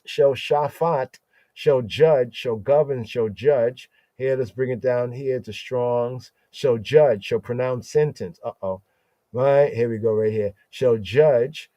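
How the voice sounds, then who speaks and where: A man's voice: medium pitch, warm tone, dry recording. A man hosting a podcast, teaching scripture with emphatic repetition, using Hebrew words and asking "right?" again and again. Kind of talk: scripture study talk.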